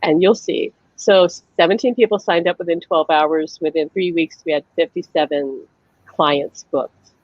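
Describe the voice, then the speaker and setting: A woman's voice: lowish voice, normal speed, no echo, muffled recording. A woman psychic medium hosting a casual live-stream chat, telling a story animatedly and laughing often as she acts out quotes.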